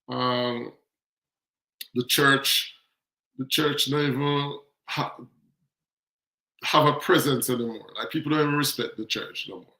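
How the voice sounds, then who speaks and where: A Jamaican man talking in a loose, storytelling way, voicing the people he meets as he goes. His voice sits at an ordinary middle pitch, with a noticeable room echo around it. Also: gravelly, fairly bright tone. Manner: chatty, storytelling, acts out quotes. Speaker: show host. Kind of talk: casual commentary monologue. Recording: roomy echo.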